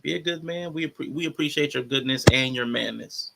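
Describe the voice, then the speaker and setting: A man hosting a casual reaction podcast, playful and affirming toward his guests, with lots of quick agreement. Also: medium pitch, gravelly, heavy background noise. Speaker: host.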